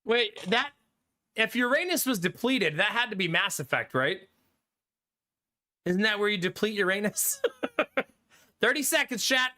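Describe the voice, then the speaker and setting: There's a bright, forceful quality to this high-pitched man's lively voice, and he takes his time, pausing often. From Ohio, USA, he's doing a casual live-stream, chatting, joking and laughing with viewers over a studio condenser mic.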